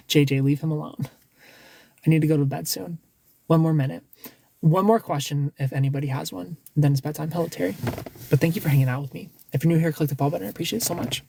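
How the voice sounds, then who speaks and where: A man's voice: fairly high pitch, brisk, creaky, long pauses, mellow, slight background noise. A man hosting a casual livestream, giving blunt dating advice with lots of restarts and some swearing.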